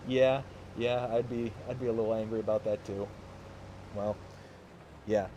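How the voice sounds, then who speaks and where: A man's voice: mid-range voice, takes it slowly, dark tone, a little hiss or hum. A young man from the US South hosting a live game stream, chatting casually and reading chat messages aloud in an upbeat, rambling way. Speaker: livestream host.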